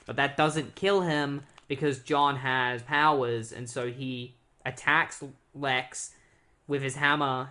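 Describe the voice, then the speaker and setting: A man co-hosting a podcast, casually retelling a comic storyline with lots of fillers and quick quoted character voices. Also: medium pitch, bright, forceful tone. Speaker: podcast co-host. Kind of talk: casual comic book recap.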